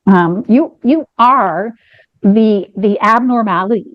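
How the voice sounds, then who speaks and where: A woman co-hosting a podcast, telling a frank story in an animated, rambling way with many restarts. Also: medium pitch, slow, no room sound, dull audio. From United States. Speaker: podcast co-host. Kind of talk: candid storytelling chat.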